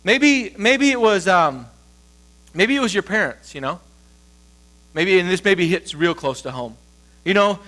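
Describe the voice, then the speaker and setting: A male pastor giving a sermon in a conversational, storytelling way, with quick shifts as he acts out the voices of others. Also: sing-song, pushed and bright. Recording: low mains hum.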